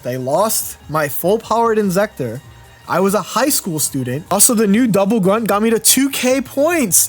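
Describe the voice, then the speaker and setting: A man's voice: sits high, lively intonation, moderate pace, faint music behind. A young man in his twenties doing casual live-stream commentary on a card game. He rambles, restarts his sentences and answers chat as he goes. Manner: rambling, self-interrupting, chatty with viewers.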